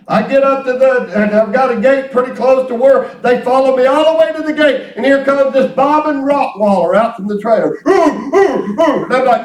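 A man preaching a storytelling sermon, animated and exclamatory, often breaking into laughter. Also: sits high, normal speed. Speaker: pastor. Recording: roomy hall, mic at a distance.

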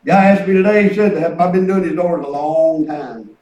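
A man's voice: on the high side, normal speed, warm tone, lo-fi sound. A man preaching a folksy sermon, telling rambling stories and breaking into calls of praise. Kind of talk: sermon with testimony. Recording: echoey room, distant mic.

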